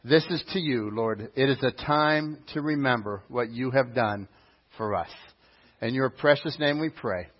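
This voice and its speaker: A man's voice: medium pitch, a little slow. A man praying earnestly with a muffled sound. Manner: earnest, with small hesitations. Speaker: prayer leader. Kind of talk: spoken prayer. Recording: dull muffled recording.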